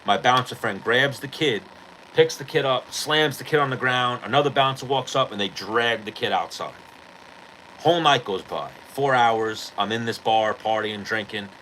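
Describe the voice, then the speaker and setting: A man's voice: medium pitch, normal speed, bright, forceful tone, slight background noise, rough recording. A male podcast host telling a rambling, profane story in casual chat.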